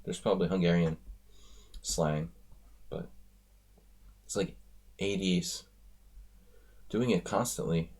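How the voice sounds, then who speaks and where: A man's voice: low voice, slow, pauses often, darkish tone. An American man chatting casually while commenting on his own online chess games during a live stream, wandering off into asides. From United States. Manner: rambling, chatty asides between chess moves.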